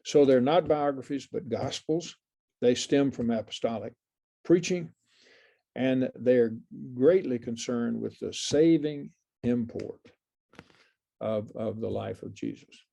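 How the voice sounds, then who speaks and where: Older male Bible class teacher, gravelly, meandering and chuckly. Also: mid-range voice, slow, warm tone. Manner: rambling, many fillers and restarts, chuckles often. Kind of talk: informal Bible class lecture.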